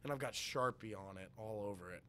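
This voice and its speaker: A young man chatting as a podcast guest, telling an animated story full of laughs and swearing. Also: on the low side, fairly quick. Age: young adult. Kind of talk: casual chat.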